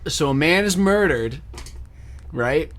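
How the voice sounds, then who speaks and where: A man's voice: a little high, slow pace. A man co-hosting a casual comedy podcast, swearing freely and telling absurd bits while tipsy from vodka. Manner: animated, swearing, joking storyteller. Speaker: podcast co-host.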